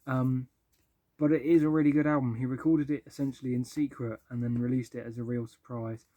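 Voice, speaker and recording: A young man talks through his favourite records in an easy, rambling way. He is eager and full of filler words, his voice sits at a middling pitch, and the recording is dry and close. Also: little pitch movement, a little fast, warm tone, no room sound. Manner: chatty and enthusiastic, many ums and likes. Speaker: music vlogger. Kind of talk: casual album-ranking talk.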